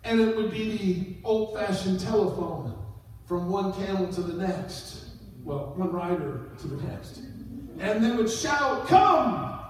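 A middle-aged man preaches in a higher-than-usual voice, sinking low and then rising to shouted peaks. His voice booms through a very reverberant hall and is picked up from a distance. A faint hiss sits under the sound. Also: measured pace. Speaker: pastor. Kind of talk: sermon. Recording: echoey hall, voice from far off.

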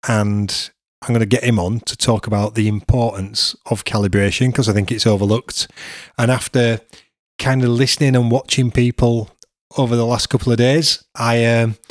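A man's voice: medium pitch, dry recording, studio quality. A middle-aged man, hosting a podcast and chatting casually with his son, laughing often. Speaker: podcast host.

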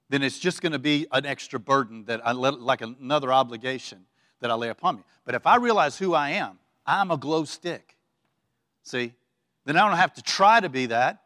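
Casual, higher-voiced man preaching a sermon. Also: a bit bright, no echo, clean studio sound, in a large hall. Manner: casual, filler-laden, leads call-and-response. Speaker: pastor. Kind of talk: conversational sermon. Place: church sanctuary.

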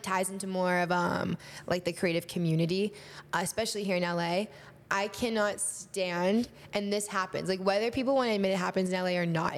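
Young woman co-host, mid-pitched, chatty and filler-heavy casual talk, reverberant room. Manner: chatty, heavy use of "like" and "literally". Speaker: podcast co-host. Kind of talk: casual chat.

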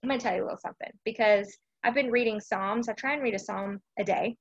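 A woman's voice: mid-range voice, fast, husky, muffled recording. A woman from Texas, hosting a casual devotional live stream chat and often checking in with her listeners. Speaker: host of a faith chat.

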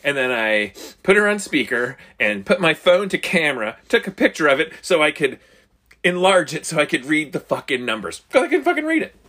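A man's voice: on the high side, expressive, moderate pace, pushed and bright. A man co-hosting a casual podcast chat, joking and swearing as he tells stories. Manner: profane, joking storyteller.

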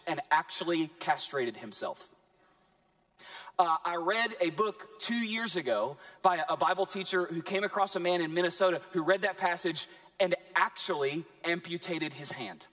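High-voiced animated male preacher. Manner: animated preaching with dramatic pauses. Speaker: pastor. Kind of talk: sermon.

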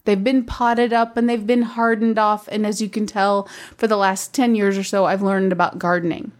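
A woman's voice: medium pitch, flat delivery, moderate pace. Blunt woman in her fifties chatting. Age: 50s. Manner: blunt straight talker, laughs often. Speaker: podcast co-host. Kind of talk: casual chat.

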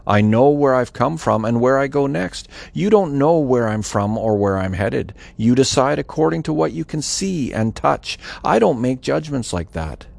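A calm, authoritative teacher and prophet, read by a man, speaking solemnly and slowly. The voice has a gravelly grain. It carries a storybook scripture reading. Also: medium pitch, dry recording.

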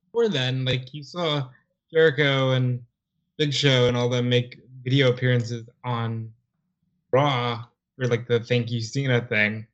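A man's voice: mid-range voice, fairly even intonation, unhurried, a bit bright, muffled recording. A man joining a casual podcast chat, speaking loosely and trailing off. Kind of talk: casual wrestling discussion.

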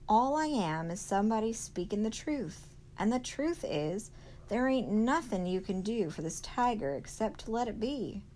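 A woman's voice: mid-range voice, lively intonation, moderate pace, dark tone, a little hiss or hum, voice pushed up, close to an everyday voice. Woman reading as a blunt, plainspoken older woman.

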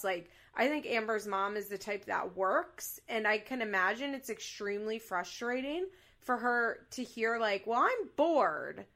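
A woman's voice: on the high side, pushed and bright. A woman hosting a podcast in casual recap chat, frank and opinionated, mixing jokes with earnest advice. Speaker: podcast host.

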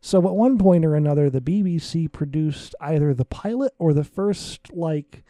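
A man's voice: on the high side, warm tone, no room sound. A man co-hosting a casual comedy podcast. He riffs with crude jokes and tells tangents. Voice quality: crude, riffing humor. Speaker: podcast co-host.

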